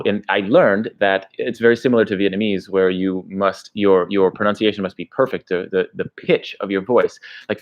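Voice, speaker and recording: On a muffled recording, a native English-speaking man with a fairly low voice livestreams about his travels. He chats loosely and rambles as he answers questions from viewers.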